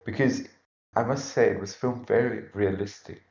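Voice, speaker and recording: A very deep-voiced man with a gravelly edge talks through a film in a calm, reasoning way, answering each point with a counterpoint. The sound is somewhat dull and lo-fi. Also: fairly quick. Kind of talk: casual movie review chat.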